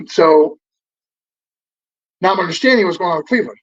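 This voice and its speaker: A man's voice: high voice, lively intonation, normal speed, pauses often. Rambling, profane man in his fifties. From Southern California. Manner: rambling and profane, full of fillers and restarts. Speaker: podcast guest. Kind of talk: casual storytelling interview. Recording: dull lo-fi audio.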